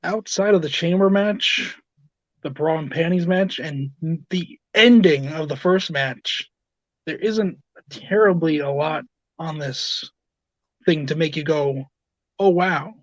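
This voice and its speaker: Guest guy on a podcast, bit high voice, dull muffled dry sound like a remote call. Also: slow, no room sound. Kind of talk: casual review chat.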